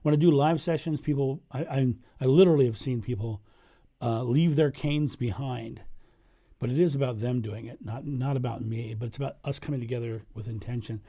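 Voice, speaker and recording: A man's voice: medium pitch, a little fast, warm tone. A middle-aged man and spiritual coach answering viewer questions on a livestream, telling stories in an earnest way and repeating phrases for emphasis. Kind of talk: livestream Q&A monologue.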